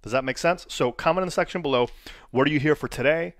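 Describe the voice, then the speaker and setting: A man's voice: a little high, fast talker, a bit bright, no room sound. Coaching man quizzing his viewers, dry sound. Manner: coaching, asks the viewers questions. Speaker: wrestling coach. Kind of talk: online training lesson.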